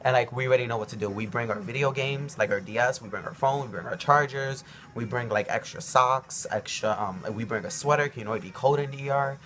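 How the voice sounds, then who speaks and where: A man's voice: mid-range voice, fairly quick, a bit bright. A young man in his early twenties telling a personal story to his camera at home, rambling and emotional, with many ums and likes. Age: young adult. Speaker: vlogger.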